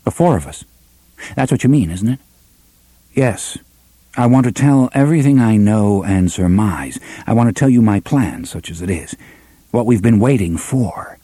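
A man voicing a terse, steady young gunslinger in an audiobook, speaking in a clipped, quiet, firm way. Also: on the low side, moderate pace, husky, no echo. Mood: thoughtful. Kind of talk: audiobook character voice.

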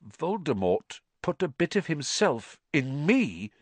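Man voicing an earnest young boy wizard, pleading, raised voice, storybook, lively swings. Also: a little high, slow, dry recording, voice pushed up, exaggerated voice. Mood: earnest, anxious.

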